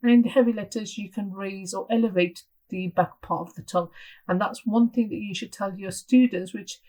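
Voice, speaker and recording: A woman's voice: mid-range voice, fairly even intonation, brisk, mellow, low-quality recording. A woman teaching pronunciation to teachers, explaining patiently and sounding out example syllables. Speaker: Tajweed teacher trainer. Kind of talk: instructional lesson.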